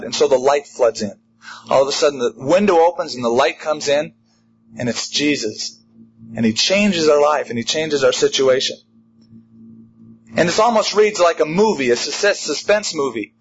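A man's voice: a little high, muffled recording. Man, pastor, preaching a sermon, emphatic, repeated refrains, faint background hum.

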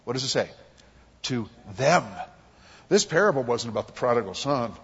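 A man's voice: medium pitch, moderate pace, breathy edge, long reverb tail, lo-fi sound. A man preaching a conversational sermon, acting out quotes and jokes from his family life. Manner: animated, conversational, acts out quotes. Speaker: pastor. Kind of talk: expository sermon.

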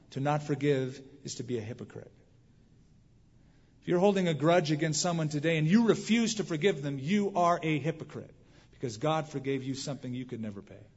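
Male pastor, fairly high voice with a husky edge, animated storyteller, sermon in a reverberant church hall, dull lo-fi capture. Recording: muffled hall recording with long reverb.

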